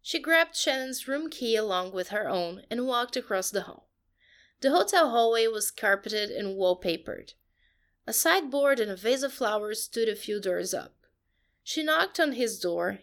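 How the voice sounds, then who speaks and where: A woman, reading a fanfiction story aloud in a steady, even way. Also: medium pitch, normal speed. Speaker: podcast host and reader.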